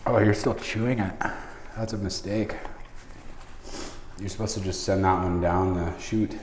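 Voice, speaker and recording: A man's voice: deep voice, fairly even intonation, measured pace, darkish tone, slight background noise. A man hosting a casual interview, teasing his guest with jokes. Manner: teasing, joking. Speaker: host. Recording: echoey room with long reverb.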